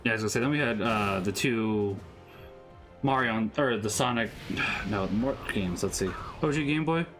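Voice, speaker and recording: A man's voice: fairly low pitch, moderate pace, fairly bright tone, soft background music. A man co-hosting a casual game stream, chatting and answering viewers' comments. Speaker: streamer co-host. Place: home streaming setup.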